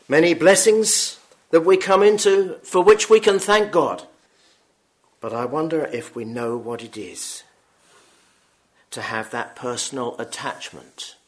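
Solemn man reading scripture. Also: on the high side. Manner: slow, solemn reading with throat-clearing. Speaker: preacher.

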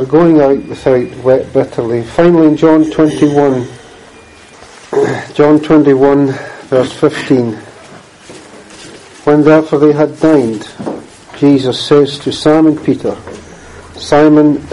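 A man preaching in a slow, deliberate cadence with a mellow, dark tone. He reads scripture plainly and earnestly, pausing to clear his throat and cough. The sermon unfolds unhurried. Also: mid-range voice, a little hiss or hum, low-quality recording.

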